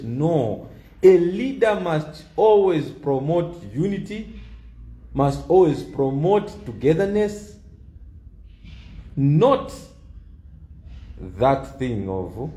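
A man's voice: fairly high pitch, lively intonation, slow pace, pauses often, mellow, roomy sound. A man giving an opinion monologue, emphatic and repeating key lines for stress. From Zambia. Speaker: political commentator.

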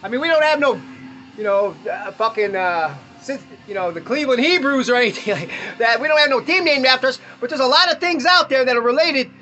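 A man's voice: extremely high pitch, animated, a little fast, sharp tone, highs cut off. A man hosting a podcast, ranting bluntly and profanely in casual talk while opening baseball cards, chuckling often. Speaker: podcast host.

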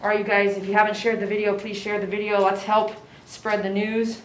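A woman dog groomer giving casual running commentary while she works, chatty and softly cooing to the dog. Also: mid-range voice, level tone, fairly quick, a little hiss or hum. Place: grooming salon. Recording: echoey room, mic at a distance.

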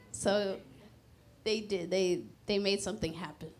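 A woman's voice: medium pitch, slight background noise. A young adult woman preaching a sermon in a casual, conversational way, often laughing and stressing words playfully. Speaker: pastor.

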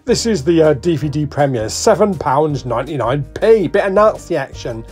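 Brit guy rattling off prices as he walks the shelves, lively up and down voice, bit high, faint music behind. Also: normal speed. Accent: British English. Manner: chatty, jokey, lively, ticks off titles and prices. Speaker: vlogger. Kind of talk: casual shop walk-through commentary.

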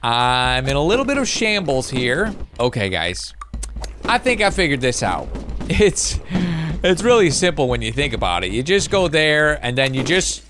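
A young man commentating his own gameplay, excitable and chatty with his viewers. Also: medium pitch, moderate pace, faint music behind. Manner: excitable, talks to viewers while playing. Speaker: gaming YouTuber. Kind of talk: let's play commentary.

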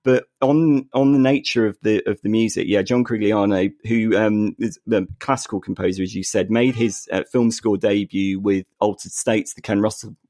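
A man co-hosting a podcast, chatting about film music in an animated way and often restarting his sentences. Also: fairly low pitch, moderate pace, hardly any pauses, no echo. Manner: animated, frequent restarts and repeated words. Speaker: podcast co-host. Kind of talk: casual film music discussion.

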